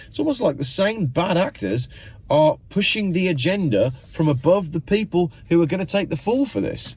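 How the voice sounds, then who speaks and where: A man's voice: a little high, big pitch swings, moderate pace, a little mellow, husky. A man hosting his own channel, giving sarcastic, mock-exasperated commentary. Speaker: channel host.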